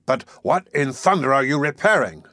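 A domineering sea captain, voiced by a male audiobook reader, speaks with sneering menace in a raised, carrying voice. The recording is dry and close. The threats come slow and deliberate. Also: mid-range voice, creaky, a bit bright, dry recording. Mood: demanding. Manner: threatening, sardonic. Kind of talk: audiobook character voice.

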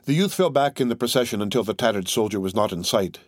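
A man narrating a classic novel as an audiobook in a measured, even reading. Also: lowish voice, dry recording, studio quality.

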